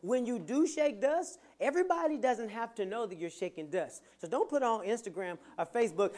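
A preacher giving a motivational sermon with playful humor, swinging from soft asides to loud, emphatic lines. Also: mid-range voice, expressive, brisk, hardly any pauses.

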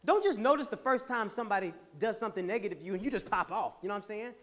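A man hosting a podcast, giving an animated, laughing, preacher-like motivational talk to a live audience. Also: high-pitched, racing. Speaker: podcast host and speaker.

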